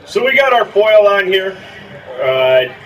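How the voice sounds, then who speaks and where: Bright-voiced Minnesotan man, jokey host. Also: high voice, very animated, takes it slowly, recorded from a distance, poor audio. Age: 30s. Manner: jokey, plays up a hammy local accent. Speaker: gaming video host. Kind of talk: casual gameplay commentary.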